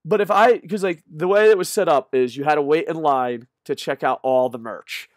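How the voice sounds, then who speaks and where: A man ranting in a rambling, profane fan vlog, tired and punch drunk, swinging from loud shouts to low mutters. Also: normal speed, no room sound, studio quality. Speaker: wrestling vlogger. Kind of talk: excited fan vlog rant.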